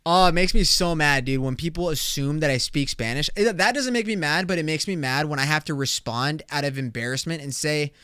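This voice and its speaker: A young man hosts a casual solo podcast, rambling in a crude, excitable way, full of slang and swearing. His voice is smooth and a little high for a man. It sits close and dry on the mic. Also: a little fast, few pauses, no echo. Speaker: podcast host.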